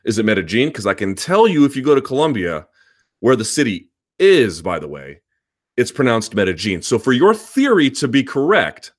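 A man's voice: mid-range voice, wildly swooping pitch, normal speed. A male host of a sports live chat, answering viewer comments in an emphatic, argumentative way and repeating his points.

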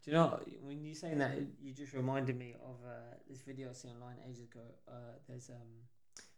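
A young man co-hosts a podcast in casual chat, telling animated stories and acting out the quotes of the people in them. His mid-range voice moves at a normal speed, with a crowd audible in the background.

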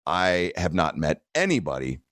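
A man's voice: low voice, normal speed, no echo, studio quality. A man from the Seattle area hosting a casual interview, telling stories animatedly. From Seattle area, United States. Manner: animated storyteller. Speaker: host.

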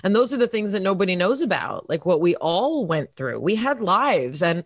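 A woman's voice: mid-range voice, very animated, normal speed, no echo. A woman guest in an interview, speaking candidly and with self-deprecating humor, laughing often and using lots of "like" and "you know". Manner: frequent "like" and "you know" fillers. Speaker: guest, actress and podcaster.

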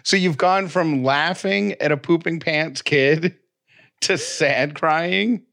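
A man co-hosting a casual podcast, reading listener messages aloud in a relaxed, teasing tone. He laughs along and gently pokes fun at his co-host. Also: fairly high pitch, takes it slowly, creaky. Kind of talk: casual chat.

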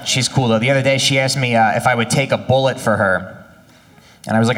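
A man's voice: medium pitch, fairly even intonation, quick pace, a bit bright, in a large hall. A man doing stand-up comedy with a dry, conversational delivery.

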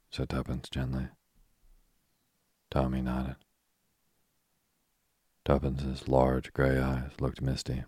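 A man narrating a novel in plain, unhurried storytelling. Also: rumbling low, monotone, a little mellow, husky, dry recording, clean studio sound. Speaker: audiobook reader. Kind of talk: scripted narration.

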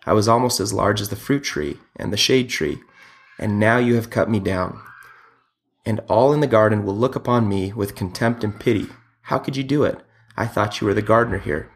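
A man's voice: lowish voice, normal speed, lightly acted. A man voicing a little currant bush that pleads and reproaches its gardener in a read-aloud story. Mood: hurt pleading. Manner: plaintive and reproachful.

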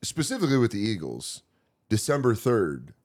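A man, a guest comedian, chatting casually on a podcast and acting out shouting fans as he tells stories. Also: on the low side, normal speed. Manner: animated storyteller who acts out shouting fans.

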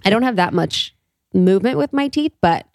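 A woman's voice: mid-range voice, expressive, normal speed, a little mellow, no echo, clean studio sound. A young adult woman with a slight lisp, co-hosting a podcast in casual, laughing chat. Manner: chatty, laughing, trailing off into asides. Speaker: podcast co-host.

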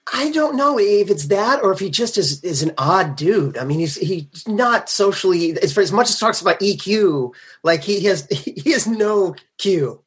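A man guest on a podcast, chatting in a halting way with stammered restarts. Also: high voice, lively intonation, slightly rough. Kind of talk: casual chat.

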